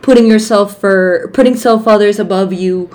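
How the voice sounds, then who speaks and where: A woman's voice: medium pitch, moderate pace, darkish tone. A woman in her thirties co-hosting a podcast, talking frankly and emphatically, swearing freely and laughing easily. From Mexico heritage, raised in the United States. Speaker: podcast co-host. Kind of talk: casual podcast chat.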